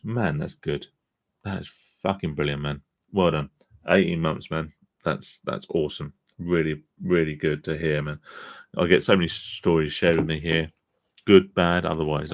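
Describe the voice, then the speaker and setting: Tired, gravelly deep-voiced man. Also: no room sound, clean studio sound. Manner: chatty, self-deprecating, swears casually. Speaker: live-stream host on gambling recovery. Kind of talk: casual live-stream chat reading viewer comments.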